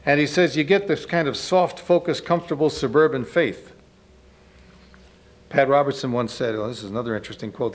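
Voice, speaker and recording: A man's voice: medium pitch, a little fast. A man giving a spoken lecture to a live audience, conversational, often turning to ask the listeners questions. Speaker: lecturer speaking to a church audience.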